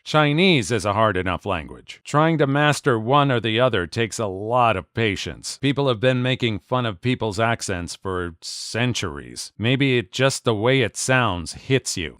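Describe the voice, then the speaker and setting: A man's voice: medium pitch, fairly bright tone, no room sound, clean studio sound. A man narrating a string of first-person reader stories as scripted narration, with wry asides between them. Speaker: story narrator.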